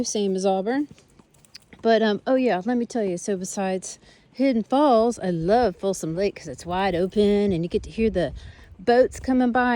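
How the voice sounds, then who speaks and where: A woman's voice: medium pitch, darkish tone, close to an everyday voice. Woman voicing a cheeky old Arabian horse with a Southern drawl. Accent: Southern US (put on). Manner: chatty, rambling, teasing drawl. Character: older male Arabian horse, cheeky and stubborn. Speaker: horse owner voicing her horse. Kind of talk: casual in-character monologue. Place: outdoors on a trail.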